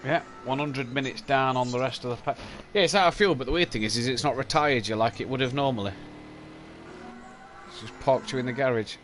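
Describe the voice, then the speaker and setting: A man's voice: mid-range voice, fairly even intonation, fairly quick, fairly bright tone, a little hiss or hum. A young man hosting a live sim-racing stream, chatting and explaining at length while sleepy from hours on air. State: sleepy, late in an endurance stream. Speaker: stream host. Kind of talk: casual live-stream chat about a sim race.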